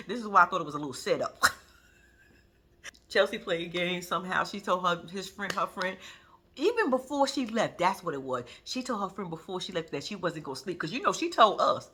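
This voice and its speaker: Woman, AAVE, casual TV recap, laughing, bright voice. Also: medium pitch, moderate pace, breathy edge. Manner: animated, laughing often, playfully cussing. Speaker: reality TV recap vlogger.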